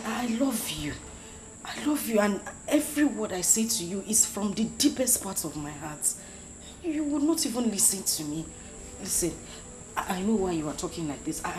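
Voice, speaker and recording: A woman's voice: lowish voice, rough recording. A woman with a Nigerian accent playing a young woman who stammers as she pleads for a prince's love.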